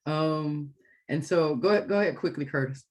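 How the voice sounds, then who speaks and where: A man facilitating a group discussion, animated and often repeating words as he starts a thought. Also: on the high side, a little fast.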